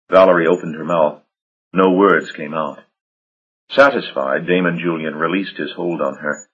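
A man narrating an audiobook in a measured, dramatic storytelling manner. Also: low voice, fairly even intonation, fairly bright tone, breathy edge. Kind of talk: scripted narration. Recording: dull lo-fi audio.

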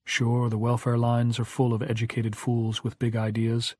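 A man's voice: medium pitch, completely flat delivery, moderate pace, a little mellow, no room sound, clean studio sound, close to an everyday voice. A man voicing a scornful, bossy middle-aged mother.

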